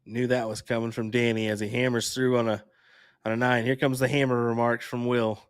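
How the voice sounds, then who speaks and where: A man's voice: medium pitch, flat delivery, fairly quick, clean tone, dry recording. A man co-commentating a darts match live, talking in a laid-back, casual way with dry humor.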